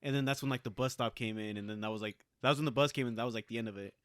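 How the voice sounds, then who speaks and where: A man co-hosting a podcast with a bright, forceful voice. He tells stories with animation and a freely swearing tongue, his tone crisp and smooth in a dry, close recording. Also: medium pitch, racing, no echo. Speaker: podcast co-host. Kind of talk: casual chat.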